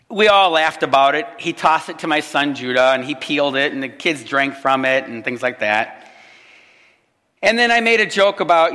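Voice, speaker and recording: A pastor from Illinois preaches with a bright, forceful voice that sits a little high for a man. He tells his story with animation, acting out quotes and dropping to a hush now and then. A long hall reverb trails his words. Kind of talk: sermon storytelling.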